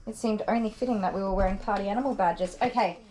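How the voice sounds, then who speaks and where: A woman calmly reassuring a dog while grooming, often hushing and whispering. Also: mid-range voice, fast talker. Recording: roomy, distant, with noisy background.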